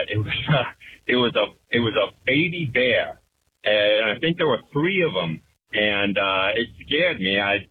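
A man from California calls in and tells a story in a halting way, chuckling as he goes. His voice is low and husky, and the phone line makes it narrow. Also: dry recording. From California, USA. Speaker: caller. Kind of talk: telling a story on a call-in line.

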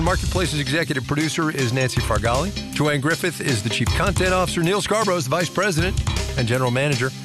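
A man hosting a radio business news show, giving a chatty, emphatic sign-off commentary. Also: a little high. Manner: emphatic, chatty, repeats words for stress.

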